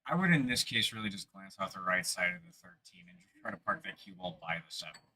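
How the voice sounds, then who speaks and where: A man co-commenting on a pool match from a booth in a sports bar, relaxed and chatty, talking through shot choices. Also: sits low, fast, crowd noise, low-quality recording. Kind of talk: live stream commentary.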